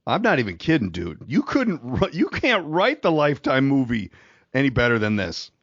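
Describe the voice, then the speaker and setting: A middle-aged man co-hosting a podcast, spinning a rambling anecdote and chuckling as he goes. His voice sits at an ordinary pitch, recorded dry and a little dull, as from a home setup. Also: very animated, moderate pace, a bit bright, no room sound. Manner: rambling, laughs through his stories. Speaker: podcast co-host. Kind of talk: casual storytelling chat.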